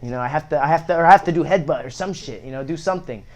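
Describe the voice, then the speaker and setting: A man's voice: on the high side, very fast. A young man, a podcast guest, telling a story in a casual, profane way with many fillers.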